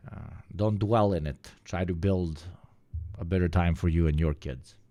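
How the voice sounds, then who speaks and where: A man's voice: low-pitched, moderate pace, mellow, no room sound. A man hosting a live stream, chatting casually and joking with his chat. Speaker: streamer host.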